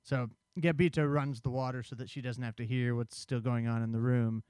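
Smooth-voiced man recapping a film plot. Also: medium pitch, steady tone, fairly quick, a little mellow, dry recording. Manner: conversational, explains plot at length. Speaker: podcast co-host summarizing a film. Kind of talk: casual film discussion.

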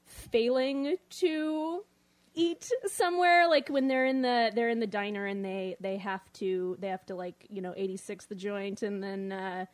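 A woman co-hosting a casual film review podcast, chatty and quick to laugh. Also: medium pitch, steady tone. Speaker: podcast co-host.

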